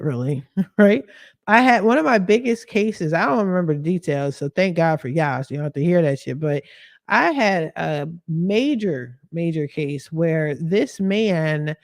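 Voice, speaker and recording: A woman's voice: on the low side, dry recording, studio quality. Slangy woman telling a story. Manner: animated, slangy, swears freely. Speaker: podcast host. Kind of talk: casual storytelling.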